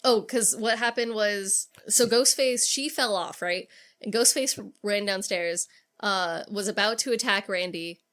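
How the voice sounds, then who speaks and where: A woman co-hosts a podcast and recaps a slasher film in casual chat. She swears freely and slips into quick acted-out lines from the characters. Her voice sits at an ordinary middle pitch for a woman. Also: fairly bright tone. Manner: retells scenes with acted-out quotes, swears freely. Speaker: podcast co-host.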